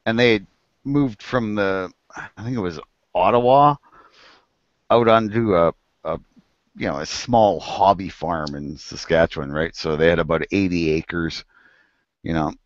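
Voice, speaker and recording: A man's voice: low-pitched, measured pace, pauses often, fairly bright tone, no room sound. A man telling farm and hunting stories in casual chat, laughing often and acting out animals and people. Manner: laid-back storyteller, laughs often, acts out animals and people. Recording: muffled, dull sound.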